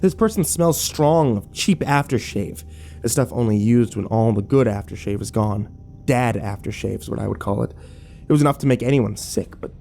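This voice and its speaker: Man, horror story narrator, mellow dark tone, measured, faint background hiss. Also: medium pitch, vocal fry.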